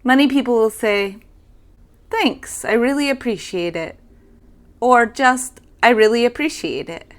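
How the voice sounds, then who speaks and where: A young woman hosting an English lesson, saying everyday phrases slowly and carefully for learners. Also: a little high. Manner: slow, careful demonstration of phrases. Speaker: English teacher. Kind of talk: language lesson.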